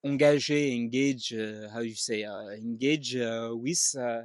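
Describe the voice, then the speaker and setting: A man voicing a middle-aged French father with a put-on French accent, speaking halting broken English full of fillers. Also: mid-range voice, dry recording, studio quality, lightly acted. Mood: earnest.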